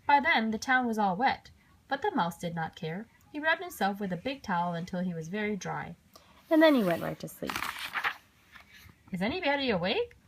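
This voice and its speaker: A mother reading children's stories aloud at bedtime, gentle and expressive, with a rhythmic delivery. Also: medium pitch, a little fast, a little hiss or hum.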